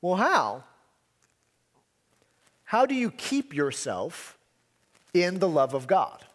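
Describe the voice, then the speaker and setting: A man's voice: high voice, huge pitch swings, slow, big-room sound. A man preaching a sermon as pastor, emphatic, asking rhetorical questions and repeating key phrases.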